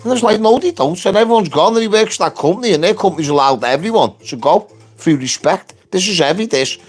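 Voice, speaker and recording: A man rants on a live stream about work and the people above him, swearing constantly. His delivery is blunt and combative, and his voice is somewhat higher than most men's. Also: lively intonation, quick pace, slightly rough, soft background music. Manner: ranting, heavy swearing, blunt. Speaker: construction worker and union activist. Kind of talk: angry live-stream rant.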